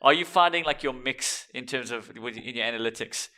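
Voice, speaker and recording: Man, show host, bright crisp tone, animated delivery. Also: medium pitch, a little fast. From South Africa. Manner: animated, acts out quotes. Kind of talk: casual chat interview.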